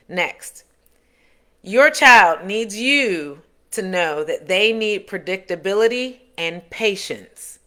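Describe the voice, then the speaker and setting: Bright, forceful woman giving parenting advice. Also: lowish voice. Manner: earnest, coaching, repeats and rephrases points. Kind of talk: direct-to-camera advice talk.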